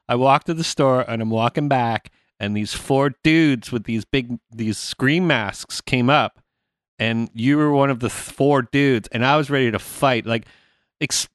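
A man's voice: mid-range voice, a bit bright, no echo, clean studio sound. A man hosting a podcast, telling rambling stories in casual chat and laughing often. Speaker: podcast host.

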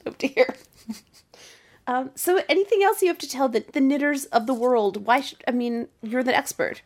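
Woman host, fairly high voice, teasing and bubbly with easy laughs. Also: moderate pace. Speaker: podcast host. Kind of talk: casual interview chat.

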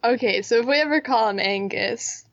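A woman's voice: on the high side, moderate pace, dry recording, lo-fi sound. A woman co-hosting a casual podcast chat, candid and joking, with lots of slang. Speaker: podcast co-host. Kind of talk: casual chat reviewing a TV drama.

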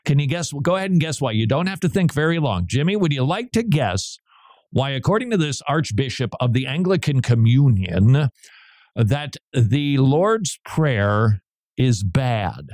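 A man's voice: medium pitch, big pitch swings, a little slow, a little mellow. A male radio host in casual on-air banter, his voice rising and falling with plenty of expression. He drifts from story to story and chuckles between remarks. The sound is close and dry, with no room echo. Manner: chatty and digressive, laughs between remarks.

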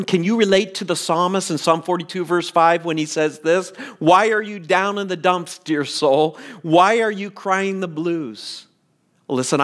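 Pastor guy preaching, earnest, kinda high-ish voice, lots of pauses. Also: fairly bright tone. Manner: earnest, with repeated restarts and deliberate pauses. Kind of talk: sermon.

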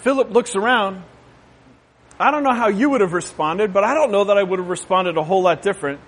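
Casting note: high-pitched male pastor, chatty sermon, joking asides, keeps asking the crowd if they agree. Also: fairly quick, slightly rough. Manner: conversational, asks the crowd "right?"; jokey asides.

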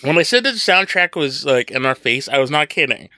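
A man talking films in a relaxed podcast chat, his pitch bouncing up and down as he gets excited. His voice is bright and a little high, recorded close with no room sound. He jokes around and slips into quick mock impressions. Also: dry recording. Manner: animated, laughs often, does mock impressions. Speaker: podcast co-host. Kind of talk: casual film review chat.

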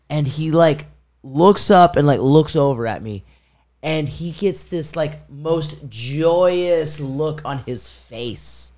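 A man's voice: fairly high pitch, slow pace. A man co-hosting a casual podcast, animatedly telling a story and acting out the voices of people in it. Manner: animated, acts out quoted voices, laughs mid-story. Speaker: podcast co-host.

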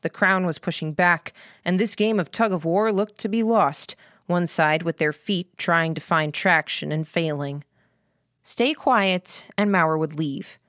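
Woman, audiobook narrator, low voice, steady reflective reading, dry close sound. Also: dry recording. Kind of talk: first-person scripted narration.

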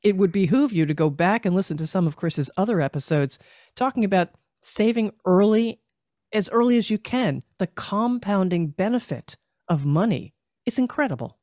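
Lively podcast host, dry sound. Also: medium pitch, normal speed, no echo. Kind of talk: casual podcast interview.

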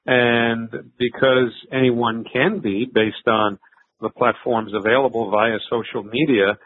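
A man's voice: medium pitch, steady tone, unhurried. An older man, a veteran sports broadcaster, telling stories in a conversational interview, with fillers and restarts. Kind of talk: reflective interview answers. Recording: thin phone-like line.

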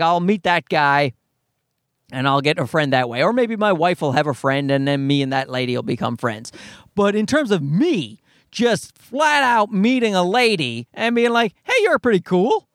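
Man in his thirties, sarcastic profane podcast host, bouncy pitch, close dry recording. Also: normal speed, dry recording. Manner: profane, ranting, sarcastic, animated. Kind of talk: solo comedic podcast rant. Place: parked car.

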